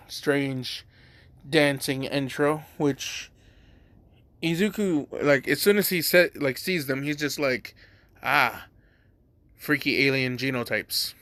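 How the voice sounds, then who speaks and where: Man, casual rambling storyteller, fairly high voice, dry close sound. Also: slow, a bit bright, no room sound. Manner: rambling, lots of "like", swearing. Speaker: fan storyteller.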